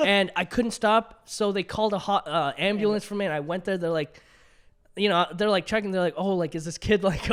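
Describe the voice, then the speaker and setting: A man's voice: high voice, smooth. A young man in his twenties co-hosting a casual podcast, telling stories animatedly with lots of laughter. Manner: animated storytelling with frequent laughter. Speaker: podcast co-host. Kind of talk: casual chat.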